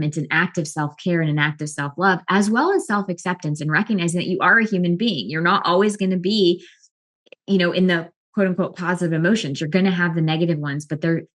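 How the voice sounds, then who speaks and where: A middle-aged woman, a life and wellness coach, explaining emotions in a calm, earnest way with frequent restarts. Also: lowish voice. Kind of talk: explanatory talk to camera.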